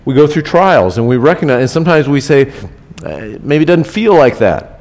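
A man's voice: mid-range voice, sing-song, moderate pace, a little mellow. A man preaching a sermon in a casual, conversational way, repeating key phrases for emphasis. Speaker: pastor. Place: church.

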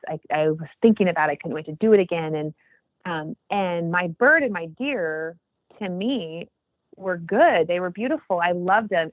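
Over a tinny, phone-like connection with no room sound, a lowish-voiced woman in her forties shares earnest thoughts in a relaxed faith discussion. As a podcast guest, she wanders and restarts frequently.

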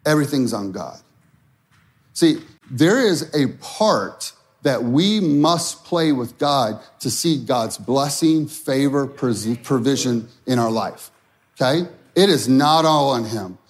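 A man's voice: mid-range voice, animated, takes it slowly. A middle-aged man preaching a sermon as a pastor, in a conversational style that acts out anxious prayers.

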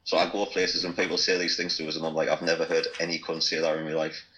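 A man's voice: a bass voice, completely flat delivery, quick pace, highs cut off, crowd noise. A man with a Geordie accent from Newcastle, chatting casually and bluntly, swearing freely. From Newcastle, England. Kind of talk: casual chat.

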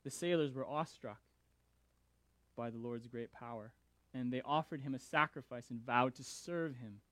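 A man preaching who reads scripture and comments on it in an animated, emphatic way, often repeating his words. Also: medium pitch, normal speed, no echo. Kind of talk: scripture reading and sermon commentary.

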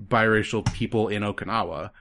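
A man's voice: lowish voice, steady tone, fairly quick, a bit bright, a little hiss or hum. A man co-hosting a casual conversation about video games, rambling and using many "like" fillers.

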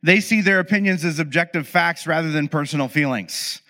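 A man's voice: a little high, a little fast, bright, forceful tone. A man explaining relationship patterns in a casual monologue, speaking to the listener as "you" and acting out both sides of everyday arguments. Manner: conversational, addresses listener as "you", acts out both sides of dialogues; frequent fillers and restarts, self-mocking asides. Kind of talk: explanatory monologue with acted scenarios. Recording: reverberant room.

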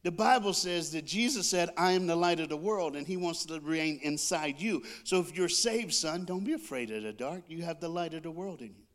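A man voicing his father, a calm middle-aged dad talking to his son about faith. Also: on the high side, fairly quick, hardly any pauses, natural voice. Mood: reassuring.

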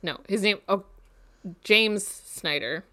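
A woman with vocal fry co-hosting a podcast, rambling casually with lots of fillers and climbing high when excited. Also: slow. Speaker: podcast co-host. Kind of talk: casual chat.

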